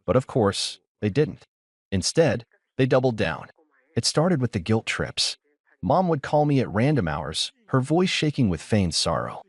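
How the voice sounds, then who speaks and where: Husky guy reading a revenge story, lively ups and downs, dead dry sound. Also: medium pitch, no room sound. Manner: cool, measured, dryly triumphant. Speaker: story narrator. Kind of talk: first-person dramatic story narration.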